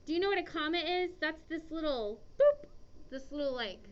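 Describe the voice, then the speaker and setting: High-voiced chatty woman teaching a class. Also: lively intonation, a little fast. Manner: chatty, checks in with okay. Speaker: English teacher. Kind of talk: classroom grammar lesson. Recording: dull lo-fi classroom recording.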